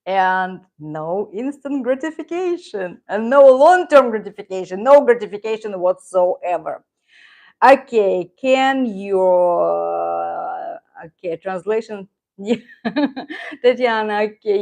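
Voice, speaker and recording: A woman's voice: medium pitch, a little mellow. A middle-aged woman with a Russian accent, a native Russian speaker, chatting casually on a live stream, rambling, reading viewer comments and laughing often. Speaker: channel host, Russian teacher.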